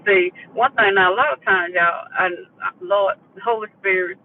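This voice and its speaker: A woman preaching a live motivational message from a moving vehicle, usually talking low and repeating her phrases while calling her listeners baby. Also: normal speed, distant mic, phone-quality sound, slight background noise. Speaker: inspirational speaker. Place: riding in a vehicle.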